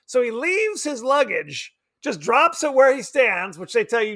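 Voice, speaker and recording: Lively high-voiced man co-hosting a podcast. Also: normal speed. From Palm Springs, California. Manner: animated, laughs often, acts out quotes. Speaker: podcast co-host. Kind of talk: casual film chat.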